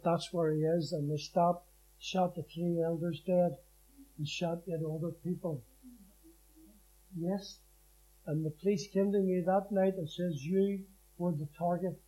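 A man's voice: high voice, warm tone, rough recording. A man giving his personal testimony as a preacher, telling the story with emphasis and acting out the scripture he quotes.

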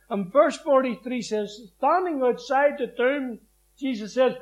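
High-pitched man, testimony sermon, emphatic storytelling. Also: unhurried, rough recording. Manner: emphatic storyteller, acts out scripture quotes. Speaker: preacher giving his testimony.

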